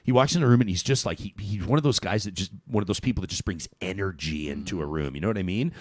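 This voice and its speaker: Lively Canadian talk radio host. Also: male voice, lowish voice, rapid-fire, few pauses, no echo. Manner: animated, laughs often, digresses. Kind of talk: casual talk radio chat reading listener comments.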